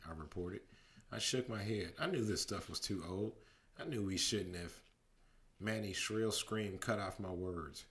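At bedtime, a father reads aloud from a children's storybook, his voice deep and low and his pace normal. The narration stays steady, with character voices worked in along the way.

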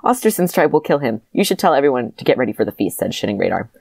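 A woman with a strikingly low voice reads an old story aloud at a brisk clip, keeping it deadpan and laughing at asides. The sound is close and dry. She trades banter with a co-host. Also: gravelly, breathy edge, no echo. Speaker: podcast co-host reading aloud.

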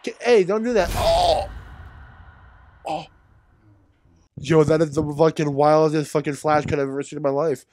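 An excitable young man reacts out loud, his fairly high voice jumping between shouted exclamations and muttered asides. He swears freely and talks to the viewer like a friend in casual commentary. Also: normal speed, dry recording. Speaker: reaction video host.

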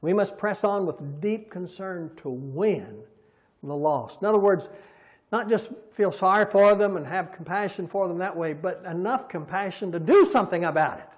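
A man preaching a folksy sermon, swelling loud and slow on scripture and dropping soft for homey asides, and leading the congregation in repeating lines. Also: sits high. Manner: folksy, chuckles at his own stories; leads the congregation in call-and-response. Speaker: pastor.

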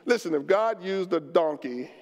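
A pastor with a high-pitched voice preaches passionately to his congregation, climbing to near-shouts and dropping to low, slow asides. He talks plainly and colloquially, acting out prayers as if speaking to God. His voice rings with the long reverb of a church hall. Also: lively intonation. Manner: colloquial, acts out prayers in first person. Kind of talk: sermon. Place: church sanctuary.

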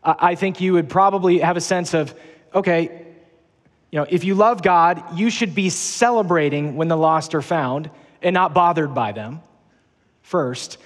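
A man's voice: on the high side, moderate pace, big-room sound. A man preaching a sermon as pastor in a large church auditorium, earnest and emphatic, repeating his key phrases.

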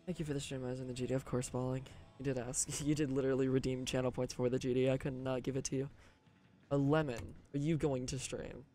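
A young man streaming a video game, chatting casually, cursing often and swinging from loud outbursts to quiet mumbling. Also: medium pitch, flat delivery, fast. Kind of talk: casual gaming livestream chatter.

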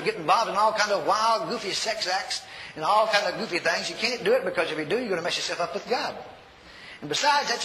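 High, bright preacher in a reverberant hall. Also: male voice. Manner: animated, shouting at peaks, folksy grammar. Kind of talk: sermon storytelling. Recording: long hall reverb, faint noise.

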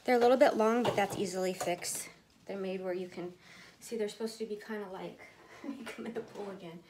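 A woman's voice: medium pitch, steady tone, a little fast, background noise. A woman vlogger chatting casually to her viewers while showing off a purchase. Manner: chatty, talks straight to viewers. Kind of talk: casual unboxing chat.

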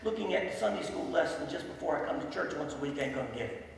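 A man preaching a sermon and telling a story, swelling loud and dropping low. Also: expressive, fast, creaky, slight background noise. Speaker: pastor. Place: large church sanctuary. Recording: echoey hall from far off, faint ambience.

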